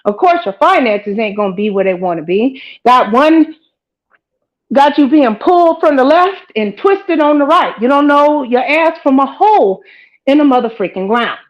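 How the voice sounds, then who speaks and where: Middle-aged woman host, slightly high voice, casual preachy commentary to her viewers. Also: moderate pace, muffled recording. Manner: animated, preachy, talks straight to viewers with "girl" and "child". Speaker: host of her own live-commentary channel.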